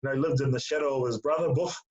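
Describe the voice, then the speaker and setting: A man's voice: medium pitch, steady tone, rapid-fire, darkish tone. A middle-aged man, a former player as interview guest, telling stories in casual chat, full of fillers and calling the host mate. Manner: storytelling with lots of fillers, calls the host mate. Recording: lo-fi dull sound.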